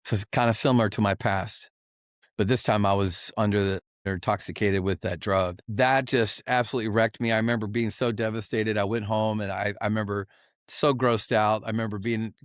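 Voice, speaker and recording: A man's voice: lowish voice, fairly even intonation, brisk, no room sound, studio quality. A man guest on a podcast giving an emotional, earnest personal testimony, often restarting and repeating himself.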